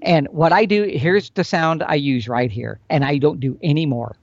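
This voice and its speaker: A man's voice: fairly high pitch, moderate pace, gravelly, no echo. A middle-aged man, an expert guest, explaining hunting techniques in a folksy, demonstrative way. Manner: animated, folksy, demonstrating with expressive swings. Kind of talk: casual instructional explanation. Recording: dull, dry recording.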